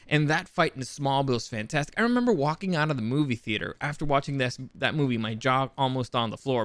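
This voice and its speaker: A man's voice: mid-range voice, fairly bright tone, smooth, no echo. A man hosting a podcast, giving casual commentary in a rambling way, with lots of restarts and the odd curse. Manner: rambling with frequent restarts and profanity. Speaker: podcast host.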